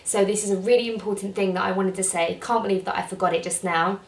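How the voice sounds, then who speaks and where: Young woman vlogging, rambly chatty talk, mid pitch, bit far from the mic in an echoey room. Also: steady tone, fast talker. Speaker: beauty vlogger. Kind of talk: casual talk to camera. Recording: roomy sound, mic set back.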